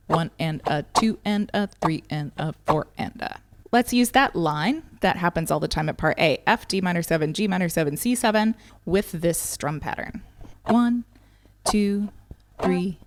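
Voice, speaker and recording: Low-voiced woman teaching ukulele. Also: slight background noise. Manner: patient, counts and calls strums rhythmically. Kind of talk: instructional lesson, counting beats aloud. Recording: ukulele playing behind the voice.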